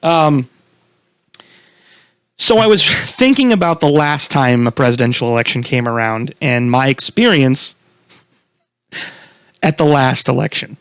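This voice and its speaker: A man's voice: mid-range voice, lively intonation, measured pace, pauses often, a bit bright, clean tone, dry recording, studio quality. A young man co-hosting a casual podcast, telling a story with lots of swearing and laughter. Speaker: podcast co-host. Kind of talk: casual chat.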